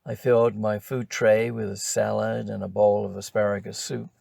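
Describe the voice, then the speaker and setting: An older man reading his own memoir aloud in a measured, wry first-person storytelling manner. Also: lowish voice, flat delivery, gravelly, darkish tone, no echo, studio quality. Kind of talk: audiobook narration.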